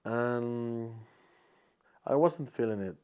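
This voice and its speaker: A man's voice: medium pitch, slow pace, darkish tone, smooth. A young man from Peru with a Peruvian Spanish accent, speaking English as a second language and hosting a casual solo podcast while searching for words with many restarts. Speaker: podcast host.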